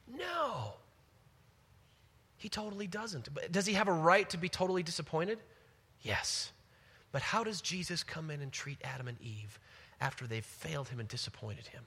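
A man giving a devotional Bible teaching, reading verses and talking them through in an animated, enthusiastic, conversational way. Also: mid-range voice, slightly rough, long reverb tail.

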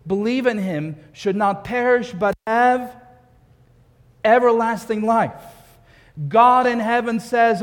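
A man's voice: high-pitched, a little slow, in a large hall. A man preaching a sermon, emphatic, repeating key phrases and asking rhetorical questions. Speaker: pastor.

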